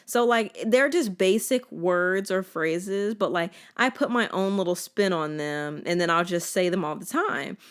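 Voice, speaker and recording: A woman's voice: lowish voice, lively intonation, a little slow, few pauses, smooth. A woman in her twenties hosting a casual solo podcast, chatty and sarcastic, with a playful, filler-heavy way of talking. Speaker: podcast host.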